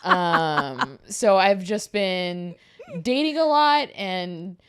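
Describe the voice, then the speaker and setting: A woman guest on a casual comedy podcast, talking in a rambling, hesitant way full of ums and uhs. Her voice sits at a middle pitch for a woman. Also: lively intonation, very slow, smooth. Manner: rambling, hesitant, with many fillers. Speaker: podcast guest, show producer.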